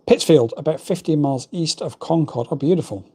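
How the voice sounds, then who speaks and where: Here a middle-aged man from England runs a laid-back livestream, reading chat comments and rambling on through a desk microphone. His slightly high voice is mellow with a touch of roughness, and he talks fairly quickly.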